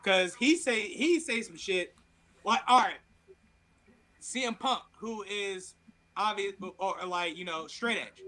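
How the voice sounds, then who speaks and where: A man co-hosting a podcast, telling a story in casual, animated chat with plenty of swearing. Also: high voice, slow, rough recording. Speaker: podcast co-host.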